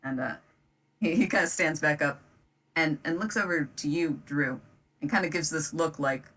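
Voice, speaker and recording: A woman's voice: low voice, normal speed, a bit bright, recorded from a distance, poor audio. A woman narrating a tabletop game as game master, hesitant and loose, full of "um" and "kind of".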